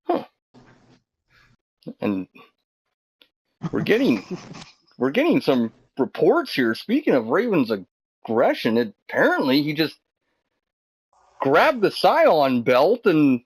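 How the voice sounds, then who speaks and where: Lively, teasing male commentator. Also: fairly high pitch, slow pace, long pauses, husky, low-quality recording. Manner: goofy, teasing, rambling. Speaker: wrestling commentator. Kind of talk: jokey role-play commentary.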